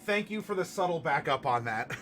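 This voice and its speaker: A man hosting a casual live stream and answering viewer comments, playful and fond of puns, turning gentle and consoling when a viewer is sad. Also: high voice. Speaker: streamer hosting a tabletop game channel. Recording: music playing clearly behind the voice.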